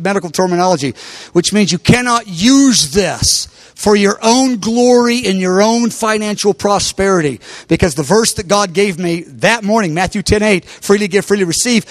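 A man's voice: sits high, moderate pace, no echo. A man preaching, telling a story with animation and raising his voice when he quotes others. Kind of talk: sermon testimony.

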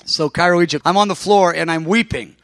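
A middle-aged man preaching a sermon to a room, fervent and storytelling, swelling to loud emphatic peaks. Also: fairly high pitch, fairly quick, dry recording, studio quality. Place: room with an audience.

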